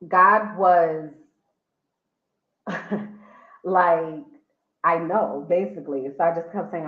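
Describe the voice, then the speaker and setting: Candid woman with a low voice, tinny and echoey. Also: normal speed. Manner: emotional, candid storytelling with casual slang. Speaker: vlogger sharing a life update. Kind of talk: personal livestream story. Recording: tinny phone-like sound in an echoey room.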